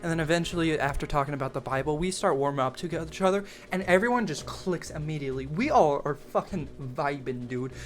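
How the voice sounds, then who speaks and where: A young adult man telling a camp story in a casual, profane, animated way, full of slang and "like". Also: fairly high pitch, a little fast, hardly any pauses. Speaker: storytime YouTuber.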